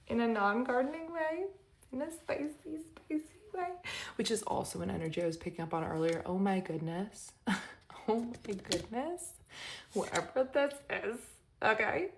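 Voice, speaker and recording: A woman doing an intuitive tarot reading in a loose, rambling way, often stopping herself and laughing. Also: on the low side. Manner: rambling, self-interrupting, giggly. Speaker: tarot reader.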